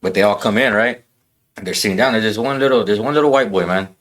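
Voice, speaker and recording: A man's voice: fairly low pitch, quick pace, a bit bright. A man telling a blunt, profane story in a casual podcast chat, saying "bro" a lot. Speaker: podcast guest.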